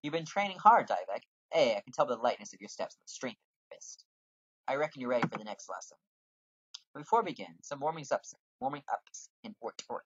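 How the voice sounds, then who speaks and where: A man's voice: medium pitch, sing-song, fast talker, husky, no echo, highs cut off. A man reading out a bossy male guildmaster from a role-playing game in a put-on lecturing voice.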